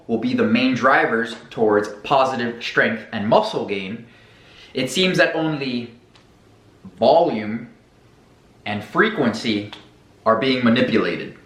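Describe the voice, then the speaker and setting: A man hosting a fitness channel who explains training science in a jokey, profane, animated way. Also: mid-range voice, measured pace. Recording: echoey room.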